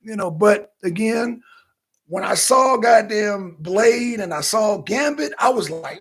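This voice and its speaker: Husky, high-voiced man ranting animatedly. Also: moderate pace. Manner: animated, loose and profane, slips into quoting himself. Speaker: talk show co-host. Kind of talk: casual profane commentary.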